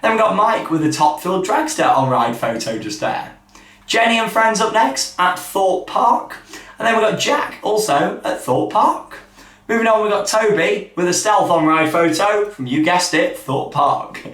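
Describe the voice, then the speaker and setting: A man hosting a casual weekly theme park news roundup, chatty and upbeat, with quick asides, recorded in a hotel room. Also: high-pitched, animated, a bit bright. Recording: echoey room, mic at a distance.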